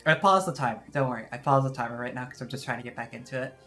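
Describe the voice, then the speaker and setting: Guy streaming w a put-on east texas drawl, rambly and self-mocking, bit of music low behind him. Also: racing, fairly bright tone. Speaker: VTuber streamer. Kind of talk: casual live-stream chat.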